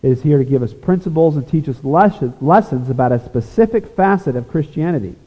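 A pastor preaching a sermon, earnest, rising to emphatic points and dropping to a hushed, confessional tone. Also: male voice, fairly high pitch, animated, a little fast. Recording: echoey hall over a tinny phone-like line.

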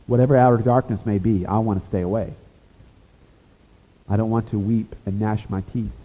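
A pastor preaching a sermon, earnest, rising to emphatic points and dropping to a hushed, confessional tone. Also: male voice, fairly low pitch, steady tone, normal speed. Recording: echoey hall over a tinny phone-like line.

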